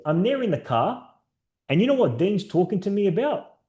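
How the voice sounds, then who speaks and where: A man's voice: high voice, very animated, normal speed, warm tone. A man presenting a sales training session to his team over a video call, upbeat and encouraging, telling stories. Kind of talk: live online training session.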